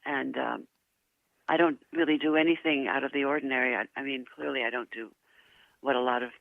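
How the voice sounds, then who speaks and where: Older lady guest, gravelly voice, tinny phone line, chatty stories w laughs. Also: rumbling low, brisk, dry recording. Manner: lively anecdotes, laughs often, self-mocking. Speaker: guest actress. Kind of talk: interview storytelling.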